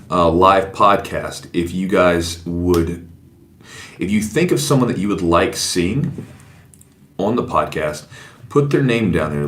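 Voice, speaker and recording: A man with a very low voice chats on a live podcast. He talks casually and rambles a bit, with fillers and restarts along the way. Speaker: podcast co-host.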